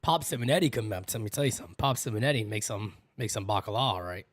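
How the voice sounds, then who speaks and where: A man hosting a casual baseball watch party, telling animated family stories with loud imitations and plenty of swearing. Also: fairly low pitch, fast talker, dry recording, clean studio sound.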